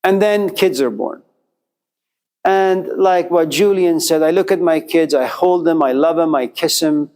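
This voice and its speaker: A man's voice: fairly high pitch, measured pace, darkish tone. A man lecturing to a class, telling a life story in a repetitive, rhythmic way with quoted inner voices.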